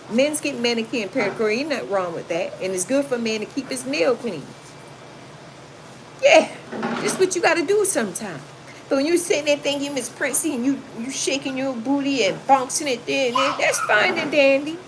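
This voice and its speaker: A woman's voice: sits high, animated, moderate pace. A woman, hosting a casual livestream, reading chat comments aloud and giving blunt, sassy advice. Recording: noisy home recording.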